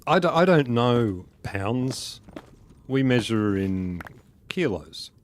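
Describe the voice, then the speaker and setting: A man talks his way through a video game for a live audience. He speaks at a slow, easy pace, with a faint hum of ambient noise behind him. He cracks jokes and laughs at them himself. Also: medium pitch, expressive. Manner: chatty, joking, laughs at his own jokes. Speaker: game streamer. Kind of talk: casual live-stream commentary while playing.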